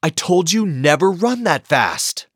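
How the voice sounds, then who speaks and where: A woman voicing a strict, exasperated father mouse who scolds his son in a husky tone. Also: on the low side, very animated, a little slow, no echo, studio quality, voice pushed down, exaggerated voice. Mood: scolding. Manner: stern, scolding.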